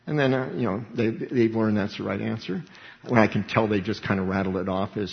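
A man's voice: fairly low pitch, brisk, vocal fry, big-room sound, lo-fi sound. A man preaching a sermon, emphatic, repeating key words and acting out little dialogues.

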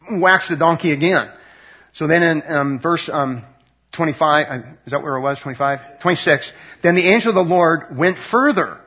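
A man with a fairly high, husky voice talks through a Bible story in a loose, chatty way. He reads verses aloud and retells them with lots of fillers and restarts. The recording sounds dull and lo-fi. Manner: conversational, rambling with many fillers and restarts. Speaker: Bible teacher. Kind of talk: casual Bible teaching.

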